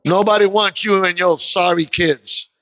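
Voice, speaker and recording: Male preacher, high and forceful, preaches with fire, shouts at peaks; dry, muffled livestream sound. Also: steady tone, a little slow, no room sound. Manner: impassioned, swings into shouts. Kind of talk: sermon with storytelling.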